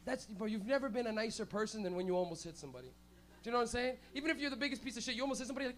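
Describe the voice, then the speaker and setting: Hosting a stand-up night, a high-voiced man speaks through a stage mic at a comedy club, sounding like a Canadian comedian. His delivery is fast and expressive as he spins crude, animated stories and bursts into loud shouted bits.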